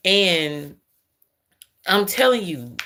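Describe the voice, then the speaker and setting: A woman's voice: lowish voice, big pitch swings, drawn-out words, fairly bright tone, a little hiss or hum. A woman giving a casual spiritual card reading. She is chatty, calls her listeners baby and keeps asking if they understand. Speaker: intuitive card reader.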